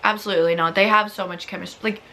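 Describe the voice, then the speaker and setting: A young woman vlogging casually about books, reading reviews aloud in an animated, exasperated way, often using "like". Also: medium pitch, very fast. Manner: animated, exasperated, giggly, lots of "like". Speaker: book vlogger.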